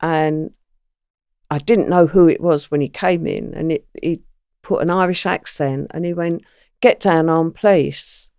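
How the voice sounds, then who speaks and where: An older woman, a podcast guest telling her past with lively, acted-out quotes. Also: fairly low pitch, a little slow, smooth, dry recording, clean studio sound. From England. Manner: animated storyteller, acts out quoted lines. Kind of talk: recounting crime memories in a podcast interview.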